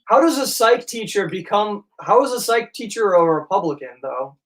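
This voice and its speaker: A man, a guest on a casual livestream chat, making dry deadpan jokes. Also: high-pitched, moderate pace, poor audio. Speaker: stream guest.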